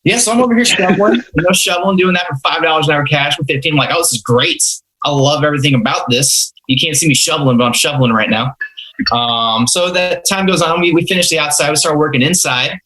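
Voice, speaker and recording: Poor audio carries a fairly high-pitched, pushed and bright voice from a fast-talking young man. As a podcast host, he casually spins rambling, self-mocking stories about the first jobs he held.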